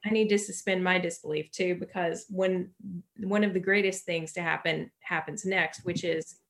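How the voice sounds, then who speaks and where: A woman's voice: on the low side, steady tone. A young woman co-hosting a podcast, chatting casually about a TV episode and chiming in with jokes. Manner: joking, chimes in with quick asides. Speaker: podcast co-host.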